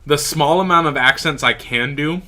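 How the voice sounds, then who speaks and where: A man's voice: on the high side, moderate pace. A young man co-hosting a podcast in casual, jokey banter. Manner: jokey, loud, laughing, tries silly accents. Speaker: podcast co-host.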